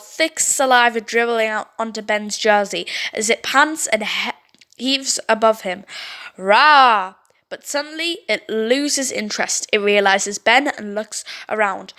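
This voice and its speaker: A woman gaming YouTuber reading a story game aloud, expressive and reacting with exclamations. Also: fairly high pitch, normal speed.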